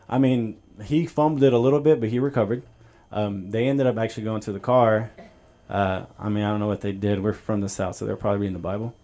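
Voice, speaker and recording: A man's voice: lowish voice, a little mellow, a little hiss or hum. A man doing a stand-up set on a club stage, telling a story in a loose, rambling way with plenty of fillers. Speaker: stand-up comedian.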